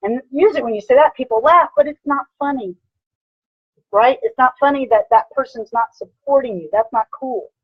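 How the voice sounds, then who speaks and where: Husky, punchy woman fitness coach. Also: high-pitched, normal speed, dry recording, lo-fi sound. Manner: energetic, punchy, repeats "bam" and "right?". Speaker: personal trainer. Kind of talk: motivational lecture.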